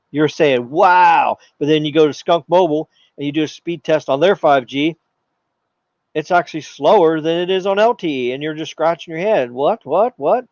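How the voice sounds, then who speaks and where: Man, tech stream host, animated and jokey, slightly high voice, dry dull sound. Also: dry recording. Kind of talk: live stream Q&A talk.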